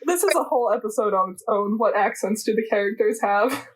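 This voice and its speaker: A woman co-hosting a podcast in casual chat, teasing, with quick asides and frequent laughter. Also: mid-range voice, husky, low-quality recording. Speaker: podcast co-host.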